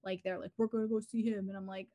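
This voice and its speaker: A woman's voice: mid-range voice, level tone, fast, dark tone. A woman co-hosting an entertainment podcast, chatting casually and rambling with constant fillers. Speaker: podcast co-host. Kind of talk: casual chat.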